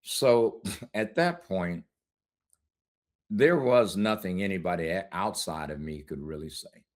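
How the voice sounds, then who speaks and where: A middle-aged man with a very low voice tells his own story as a guest in an interview. He talks candidly and conversationally, and laughs often as he goes. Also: a little slow.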